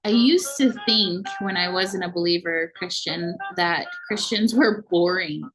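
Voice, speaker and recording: A woman's voice: on the low side, unhurried, music in the background, poor audio. A woman in her thirties sharing a heartfelt personal faith testimony, earnest and emotional. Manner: earnest and emotional, with soft laughs. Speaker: faith vlogger.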